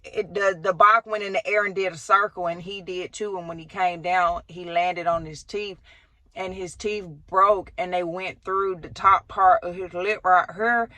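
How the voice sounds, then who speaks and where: A woman tells a family storytime straight to camera, animated and full of slang and the odd curse. Her voice is bright and forward. The sound is dry and close, with no room around it. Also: on the low side, moderate pace, no room sound. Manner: animated, talks straight to viewers with slang and swearing. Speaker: vlogger. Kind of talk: storytime vlog.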